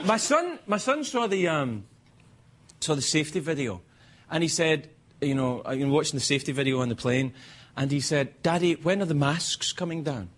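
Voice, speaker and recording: Scottish guy doing a late night monologue, bouncy voice all over the place, noisy tape. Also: moderate pace. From Scotland. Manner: animated, self-mocking storytelling with sudden high-pitched bursts. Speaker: late-night talk show host. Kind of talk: stand-up monologue. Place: television studio with live audience.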